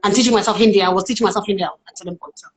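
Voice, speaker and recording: A woman's voice: medium pitch, steady tone, rapid-fire, crowd noise, low-quality recording. Chatty young woman. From Nigeria. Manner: chatty, playful, fillers. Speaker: guest, actress. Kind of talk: casual live chat. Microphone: phone.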